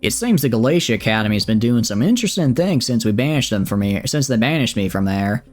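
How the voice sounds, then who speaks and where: A man's voice: mid-range voice, expressive, fast, a little mellow, lightly acted. A man voicing a sly, smug female head researcher with a drawling Southern accent during a game stream. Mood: probing.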